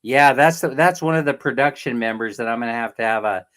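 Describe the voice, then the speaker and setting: A middle-aged Californian man with a Californian accent speaks fast at a medium pitch, his voice a bit bright. He hosts a casual livestream, rambling, laughing, and greeting viewers by name as he chats with them.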